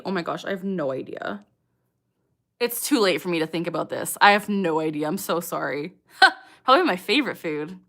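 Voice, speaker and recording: Bright-voiced young woman chatting on a livestream. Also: lowish voice. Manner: chatty, giggly, many fillers; reads chat questions aloud and answers. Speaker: livestream host. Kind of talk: casual livestream chat.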